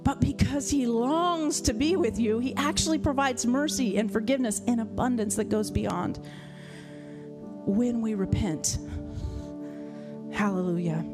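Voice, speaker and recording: A woman preaching a sermon to a congregation in a church, animated and laughing often. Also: on the high side, unhurried, pauses often, music in the background. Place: church hall with live audience.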